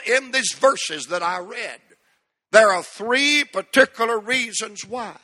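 Middle-aged male pastor, high bright voice, emphatic sermon delivery with folksy asides. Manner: emphatic preaching with repetition and rhetorical questions.

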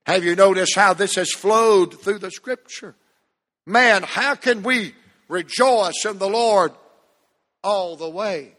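A man's voice: high-pitched, slow pace, fairly bright tone. A man preaching a sermon as pastor, emphatic, stretching and dropping the ends of his phrases. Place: church sanctuary. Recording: long hall reverb.

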